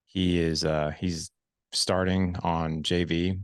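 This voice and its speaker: A man's voice: sits low, little pitch movement, slow, clear, resonant tone, no room sound, clean studio sound. A man in his forties hosting a podcast conversation, talking in an earnest, reflective way and often restarting or repeating words as he thinks. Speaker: podcast host.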